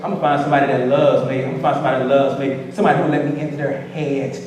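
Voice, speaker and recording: A woman's voice: rumbling low, level tone, very fast, distant mic, background noise, voice pushed down. A man voicing a sulking young wife who nags her husband, in a whiny, sing-song way, recorded from afar in an echoey church hall. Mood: pouting.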